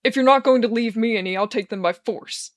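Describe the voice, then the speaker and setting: Lady doing a dry skeptical young guy, deadpan teasing, storybook reading. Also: a little high, brisk, no echo, close to an everyday voice.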